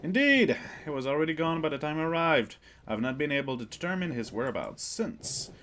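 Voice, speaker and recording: A man voicing a male doctor in a game who explains grim events in a measured, formal way, close to his own voice. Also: fairly high pitch, big pitch swings, fairly bright tone, a little hiss or hum. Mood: grave. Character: older male doctor bringing grim news.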